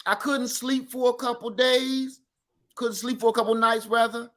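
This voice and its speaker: A middle-aged man with an East Texas accent tells stories with animated, folksy energy. His voice sits high and bright. The talk is a loose, casual livestream chat. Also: normal speed. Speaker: livestream co-host.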